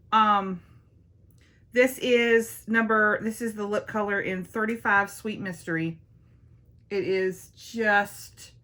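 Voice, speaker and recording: A woman's voice: fairly high pitch, a bit bright. Chatty woman doing makeup. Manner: playful, self-teasing, talks to viewers as y'all. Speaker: beauty vlogger.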